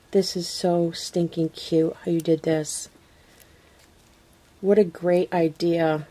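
Slow, mellow woman gushing to camera. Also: fairly low pitch. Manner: gushing, exclaiming, with gasps and soft breathy asides. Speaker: craft vlogger. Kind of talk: casual unboxing chat to camera.

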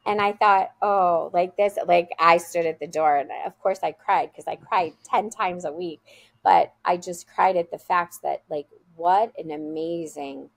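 This is a woman who guides children at a school, telling a story in an interview. She talks in an earnest, heartfelt way and repeats phrases to drive a point home. Her voice sits low and has a gravelly edge. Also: unhurried.

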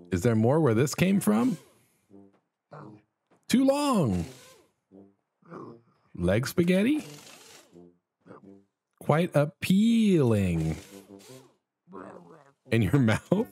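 A man hosting a casual let's play, commenting on a silly game and jumping into high excited yelps. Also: husky. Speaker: gaming channel host.

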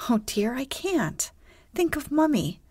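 A woman voicing Wendy, a brave, proper young girl, in a soft, breathy, hushed storybook reading. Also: high voice, sing-song, slow pace, no echo, clean studio sound, pitched above the performer's own voice, full character voice. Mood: enchanted.

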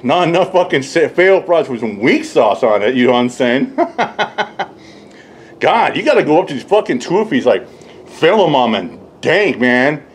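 Rambling, mocking man with a lively voice. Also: a little slow, breathy edge. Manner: rambling, profane, mocking, laughs often; mocks others in high put-on voices. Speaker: YouTube commentator. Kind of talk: casual rant.

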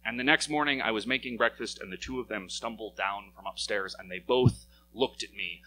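A young American man telling a personal story at a live story slam, lively and wry, his voice climbing as the tale builds. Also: mid-range voice, a little fast, hardly any pauses, poor audio. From United States. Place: stage in a small venue.

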